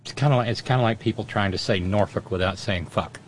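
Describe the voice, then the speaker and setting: A man's voice: fairly low pitch, fast talker. Sardonic rambling male show host. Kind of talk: casual commentary reading chat.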